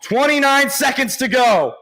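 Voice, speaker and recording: Brief: male fan play-by-play caller, high and bright, unhurried between plays, hoarse from shouting. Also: lively intonation, rough recording. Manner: yells and cheers at big plays, sings along. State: voice getting worn from shouting. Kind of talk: excited live reaction commentary.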